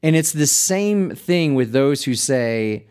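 A male pastor hosts a reflective podcast in an easy, conversational way. His voice sits at an ordinary middle pitch, and he laughs lightly and restarts words as he thinks aloud. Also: lively intonation, slow, darkish tone, clear, resonant tone.

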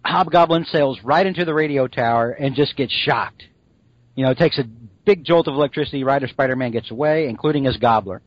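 A man's voice: medium pitch, brisk, dry recording. Rambling podcast co-host, male, dry slightly muffled mic, jokey recap. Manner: rambling, jokey, full of fillers. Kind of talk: casual comic-book podcast chat.

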